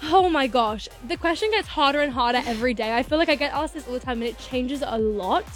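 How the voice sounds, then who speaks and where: A woman's voice: high voice, lively intonation, quick pace, soft background music. A teenage girl with an English accent, a guest in a radio studio, bubbly and giggly, saying "like" a lot. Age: teens. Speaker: guest singer and actor. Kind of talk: casual radio interview.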